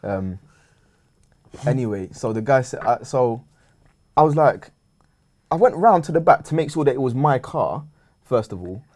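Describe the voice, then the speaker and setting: Young man, slangy storyteller, mid-pitched, acts out the dialogue. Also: expressive, normal speed, pauses often. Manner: London slang, acts out the scene with raised loud quoted voices. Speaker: show regular telling a story. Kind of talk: animated storytelling among friends.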